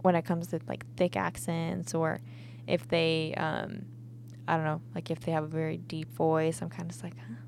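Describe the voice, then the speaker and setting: A woman's voice: low-pitched, completely flat delivery, normal speed, vocal fry, a little mellow, slight background noise. A young woman co-hosting a podcast, chatting casually and rambling with lots of likes and restarts. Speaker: podcast co-host. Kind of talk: casual chat.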